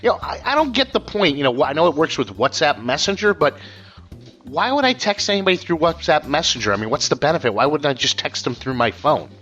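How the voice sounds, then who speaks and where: A man's voice: fairly high pitch, sing-song, quick pace, fairly bright tone. A man co-hosting a casual podcast chat, a comedian who tells self-deprecating stories with a joking manner. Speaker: co-host, comedian. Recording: dull lo-fi audio with faint music.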